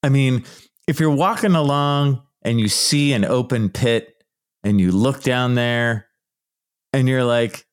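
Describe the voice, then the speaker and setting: A man hosting a solo podcast, talking in a playful, self-mocking way, now and then jumping into high mock voices. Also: slow, smooth. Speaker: podcast host. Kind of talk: solo comedic podcast monologue.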